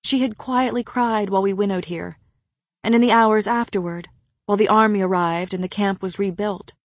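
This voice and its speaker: A woman reading a story aloud in first person, with a soft and even narrating manner. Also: mid-range voice, normal speed, no room sound. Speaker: audiobook narrator.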